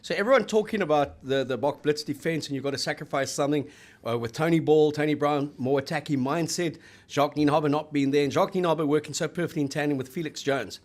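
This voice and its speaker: A man's voice: a little high, quick pace. A South African man co-hosting a casual rugby chat, telling rambling stories with fillers. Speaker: co-host.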